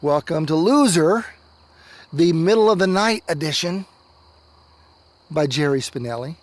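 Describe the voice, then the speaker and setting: A man, a religious education coordinator, reading a children's story aloud with expressive delivery and dips into soft whispers, recorded at home at night. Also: a little high, unhurried, no echo.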